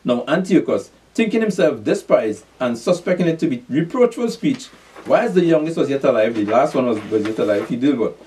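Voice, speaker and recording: A man's voice: mid-range voice, expressive, a little fast, a little mellow. A man preaching a sermon, reading scripture aloud and drilling listeners with call-and-response questions and repeated commands to pay attention. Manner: repeats "pay attention" insistently, with brief chuckles. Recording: voice from far off the mic.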